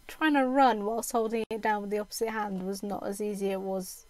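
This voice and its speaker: A woman's voice: medium pitch, fairly even intonation, brisk, few pauses, a little mellow, dry recording. A young woman from the UK with a Southern English accent, chatting casually to her live-stream viewers and laughing often. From United Kingdom. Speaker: game streamer.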